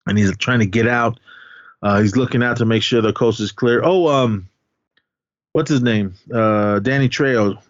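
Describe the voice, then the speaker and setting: Low-voiced man recapping a movie casually. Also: normal speed, dry recording, dull audio. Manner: rambling, laughing, acts out quotes. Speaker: podcast co-host.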